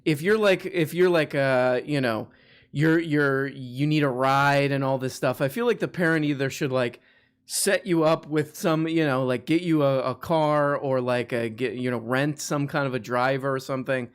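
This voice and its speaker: A man's voice: medium pitch, normal speed, clean tone. A man hosting a casual live show, rambling with lots of fillers and restarts and teasing his guest. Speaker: host.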